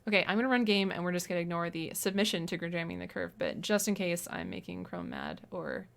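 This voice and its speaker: A woman's voice: on the low side, lively intonation, gravelly. A woman hosting a game stream, chatty and gushing as she plays and talks with developers. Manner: bubbly, chatty, quick to gush. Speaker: stream host playing games. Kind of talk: casual game stream chat.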